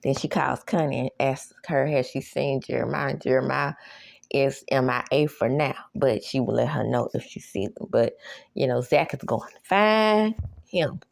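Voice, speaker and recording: A woman's voice: a bass voice, moderate pace, vocal fry, a little mellow, no room sound. A woman recapping a TV episode in a casual, sassy way, laughing often and acting out the characters' lines. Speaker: recap host. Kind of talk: casual show recap with reactions.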